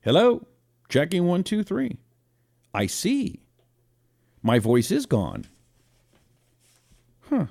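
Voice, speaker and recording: A male talk show host with a gravelly, fry-heavy voice and a lively, swinging delivery. He rambles through listener comments on his own broadcast setup, in a casual and animated way. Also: sits high, slow pace, pauses often. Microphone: own broadcast setup, fixing a failed mic on air.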